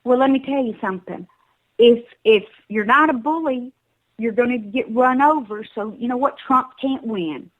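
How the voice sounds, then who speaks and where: A woman's voice: on the high side, moderate pace, phone-quality sound. Emphatic woman with a Southern accent. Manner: emphatic, urging, repeats words.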